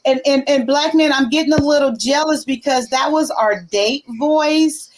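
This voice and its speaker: A woman's voice: sits high, moderate pace, low-quality recording. A woman hosting a casual group livestream chat, playful and teasing, laughing often. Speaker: livestream host.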